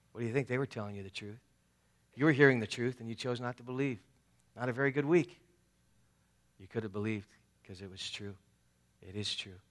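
A man voicing a risen teacher in a sermon retelling, speaking quietly and casually while gently rebuking a follower. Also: lightly acted. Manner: quiet, low, casual slang.

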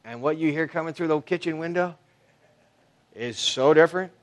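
A man preaching a sermon as pastor, talking conversationally with many fillers and restarts, swinging between soft asides and loud emphasis. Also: on the high side, moderate pace.

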